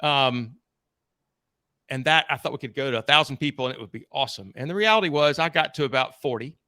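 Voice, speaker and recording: A man talks through his own stories as a podcast guest, candid and blunt, swearing now and then. His voice is bright and forceful. The sound is dry, with no room around it. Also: mid-range voice, fast talker, smooth, no room sound. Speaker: podcast guest, sales trainer. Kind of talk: conversational storytelling interview.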